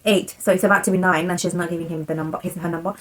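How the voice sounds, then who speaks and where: A woman's voice: lowish voice, steady tone, rapid-fire, low-quality recording. Young woman vlogger, giggly and apologetic casual chat to camera. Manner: chatty, giggly, apologetic to viewers. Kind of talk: casual chat to camera, reading messages aloud.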